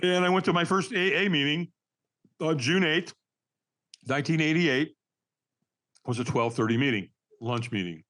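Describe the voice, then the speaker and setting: An older man, a podcast guest, telling a personal story in a candid, earnest way and acting out old conversations with lively energy. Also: fairly high pitch, normal speed, pauses often. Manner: animated, acts out remembered dialogue.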